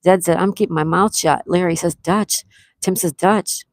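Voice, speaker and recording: A woman runs a casual trivia game on a live stream, greeting viewers by name, reading their chat answers aloud and repeating questions slowly. Her voice is fairly low and steady, recorded dry.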